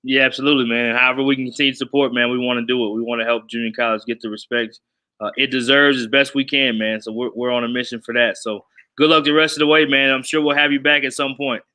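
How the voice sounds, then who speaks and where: Fast-talking bright-voiced host. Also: male voice, medium pitch, level tone. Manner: friendly, says "man" often. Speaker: podcast host. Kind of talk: casual interview chat.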